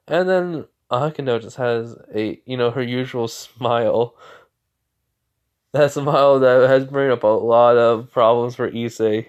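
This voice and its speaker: A man's voice: mid-range voice, a little slow, darkish tone, clean tone, muffled recording. A man casually telling a made-up story off the cuff, rambling with lots of "like" and "you know". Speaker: fan fiction storyteller. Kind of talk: casual improvised story narration.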